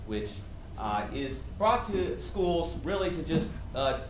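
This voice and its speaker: Man, school counselor, earnest with light humor, mid-pitched voice, roomy meeting hall, faint hum. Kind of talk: presentation at a school board meeting. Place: public meeting room.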